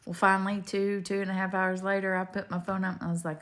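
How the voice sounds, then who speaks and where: A woman's voice: mid-range voice, level tone, fast talker, fairly bright tone. An older woman, talking straight to her viewers in a rambling, homespun faith video full of digressions. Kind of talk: rambling faith testimony to camera.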